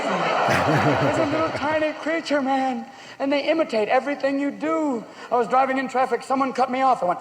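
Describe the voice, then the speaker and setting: A man performing a stand-up comedy routine on stage, manic and rapid-fire, darting into silly voices, recorded live with a roaring audience. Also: extremely high pitch, lively intonation, heavy background noise. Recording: roomy live show recording, loud audience laughter.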